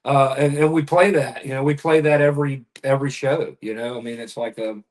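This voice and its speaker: A man from the New Orleans area, a guest musician in casual chat, relaxed and rambling, often trailing off. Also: mid-range voice, fairly quick.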